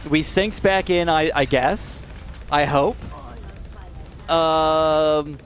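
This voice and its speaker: A young man commentating his gameplay, swinging between low mutters and high, alarmed shouts. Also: steady tone, extremely slow. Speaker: gaming commentator.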